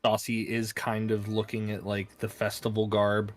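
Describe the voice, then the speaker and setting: A man's voice: on the low side, completely flat delivery, moderate pace. A man playing a tabletop game, casually describing his character's actions with many "like"s. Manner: casual, lots of "like". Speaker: player.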